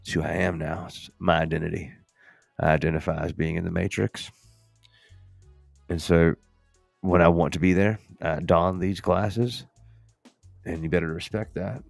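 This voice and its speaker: A man's voice: low-pitched, fairly even intonation, moderate pace, creaky, pauses often, no echo, faint music behind. A male podcast host in a casual, playful demo chat, joking and talking to the viewers as folks.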